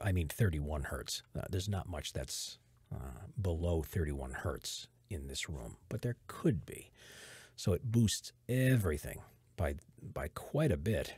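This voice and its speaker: A man's voice: extremely low pitch, unhurried, breathy edge, dry recording. An American man, a voiceover artist, casually explaining his audio setup in a home recording room into a studio microphone, rambling and correcting himself as he goes. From United States. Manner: rambling, self-correcting, relaxed tech talk. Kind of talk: casual behind-the-scenes explanation.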